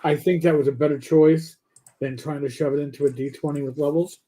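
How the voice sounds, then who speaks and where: A man's voice: on the high side, a little fast. Older male host, casual stream chat, rambling, profane, jokey. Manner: profane, rambling, animated joker.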